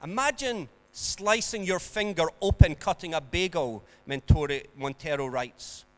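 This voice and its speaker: Male preacher, earnest sermon delivery, unhurried, reverberant hall sound. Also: on the high side, soft background music. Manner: earnest, builds to emphatic peaks then drops soft.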